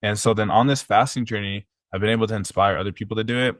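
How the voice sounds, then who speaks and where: A personal trainer guesting on a podcast tells a story in a casual, earnest way, rambling with fillers and restarts. His voice is lowish and steady, he talks fast, and the recording is dry.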